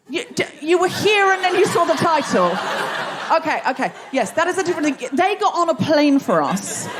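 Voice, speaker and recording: A woman's voice: high voice, background noise. An Australian woman hosting a live comedy podcast, laughing and riffing with the audience from a theatre stage. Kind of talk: live stand-up crowd work.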